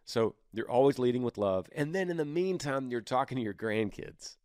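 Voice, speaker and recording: A man hosting a podcast, giving earnest, gently persuasive advice on listener questions in a casual way. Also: medium pitch, lively intonation, normal speed, no room sound, studio quality.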